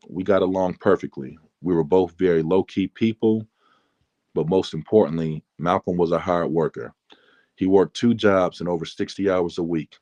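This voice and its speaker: A man reads aloud from his own memoir in a calm, measured way. His voice is very deep. The recording is dry and close, with no room sound. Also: dry recording, highs cut off. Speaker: author reading his book. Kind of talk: memoir reading.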